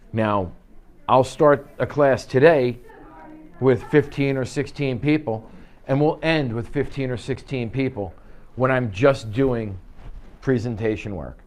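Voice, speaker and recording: A man's voice: medium pitch, slow pace, pauses often. Punchy man coaching a sales class. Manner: punchy, peppers lines with "okay?" and rhetorical questions. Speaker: real estate sales trainer. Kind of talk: live training talk to a class. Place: real estate office training room.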